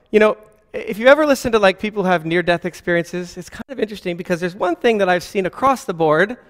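A man with a fairly high voice gives a relaxed Christian teaching, often checking in with his listeners through rhetorical questions. His voice carries a long reverb tail. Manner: conversational, frequent rhetorical questions. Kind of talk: informal spoken teaching.

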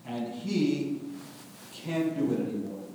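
A man retells a scripture story in a lively, animated way, often restarting his sentences. His voice is mellow and set far back from the mic. A strongly echoing hall and a faint rumble sit behind him. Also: slow pace. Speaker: religious teacher.

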